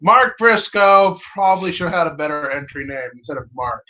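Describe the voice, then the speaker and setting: A man's voice: on the high side, lively intonation, brisk, sharp tone, lo-fi sound. A man co-hosting a casual review chat, joking and laughing often. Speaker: co-host.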